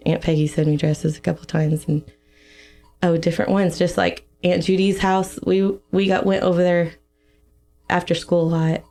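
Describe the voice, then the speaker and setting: A young woman giving a personal testimony in a podcast interview, emotional and halting, with fillers and soft laughs. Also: on the low side.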